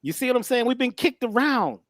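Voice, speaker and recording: A man speaking at a spiritual workshop in a halting, stammering, preachy way. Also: extremely high pitch, lively intonation, a bit bright, dry recording. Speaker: guest speaker.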